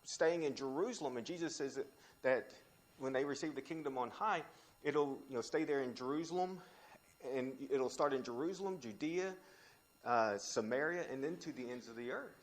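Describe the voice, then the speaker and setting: A man teaching a Bible study, talking in an animated way with restarts and sudden rises when he quotes scripture. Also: normal speed. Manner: animated, frequent restarts, pitch jumps when quoting scripture.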